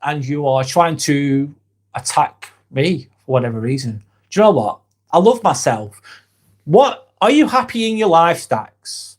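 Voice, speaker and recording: Male live vlogger, slightly high voice, casual and friendly, firm with trolls. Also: expressive, measured pace. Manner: chatty, calls viewers mate, firm with trolls. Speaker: live stream host. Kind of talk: casual live chat reading comments.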